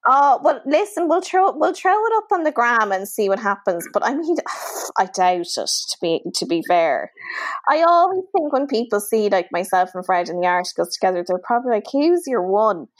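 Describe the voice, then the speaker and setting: A young Irish woman co-hosting a podcast, telling stories in a chatty, animated way with lots of asides. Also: a little high, moderate pace, no echo. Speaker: podcast co-host. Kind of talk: casual chat.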